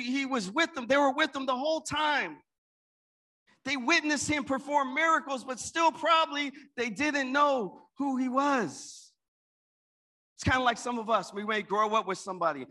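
A man preaching a sermon in church, calling out to the congregation and swinging between loud and soft. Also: very high voice. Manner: call-and-response preaching, rising and dropping volume. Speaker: pastor. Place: church with an in-person and online congregation.

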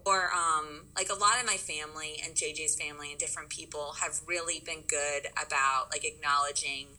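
A woman's voice: sits low, fairly even intonation, a little fast, sharp tone, poor audio. A young woman talking casually and openly in a conversation, with many fillers. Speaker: guest sharing her experience. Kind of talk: casual chat.

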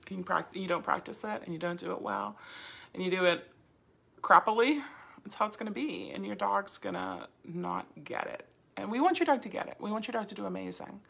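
A woman teaching a dog training class, explaining commands in a lively, chatty way with playful voice demonstrations. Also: mid-range voice, vocal fry, slightly rough.

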